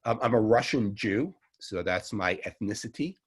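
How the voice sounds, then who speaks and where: A middle-aged man with a Long Island New York accent speaks at normal speed in a lowish, animated voice with a breathy edge. In his casual online herbalism class, he's chatty and rambling, often correcting himself and laughing a little.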